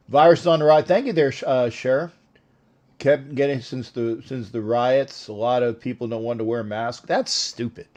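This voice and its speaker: A man's voice: mid-range voice, fairly quick, darkish tone, lo-fi sound. An older man hosting a sports show, rambling and joking with callers in a casual live-stream chat.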